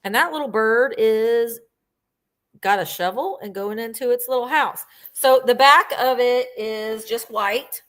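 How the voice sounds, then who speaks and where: A woman's voice: on the high side, a little slow, a bit bright. A middle-aged woman hosting a live vintage sale, chatting casually and gushing as she describes each item at length.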